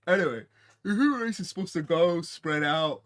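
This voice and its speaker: A man's voice: a little high, expressive, fairly quick, fairly bright tone. A man casually recapping a TV episode, rambling with many fillers and restarts. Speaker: TV episode reviewer.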